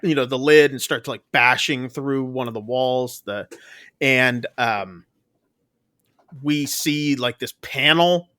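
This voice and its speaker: A man's voice: mid-range voice, bright, forceful tone, no echo, studio quality. Chatty man rambling through a recap. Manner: rambling, filler-heavy storytelling with quick jokes. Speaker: podcast co-host reviewing a film. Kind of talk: casual chat, recapping a plot.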